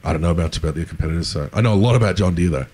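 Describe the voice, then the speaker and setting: Male panelist, low voice, blunt casual delivery with the odd swear word. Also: very fast, a little mellow, husky. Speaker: security researcher on a panel.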